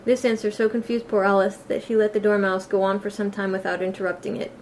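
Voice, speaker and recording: Lady reading a storybook aloud, steady and plain, mid pitch, faint hiss behind. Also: quick pace. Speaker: audiobook reader. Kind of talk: storybook narration.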